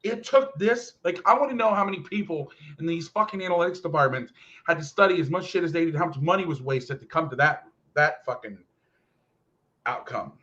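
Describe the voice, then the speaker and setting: Profane ranting man on lo-fi audio. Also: a little high. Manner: animated, profane, fast ranting. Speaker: football podcast host and coach. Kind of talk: casual rant. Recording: lo-fi muffled audio.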